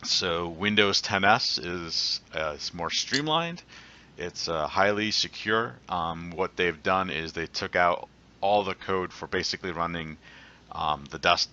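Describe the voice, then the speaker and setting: A very deep-voiced man with a forceful, tense edge co-hosts a casual tech podcast. He rambles through many fillers and restarts. The sound is dull and lo-fi. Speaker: co-host.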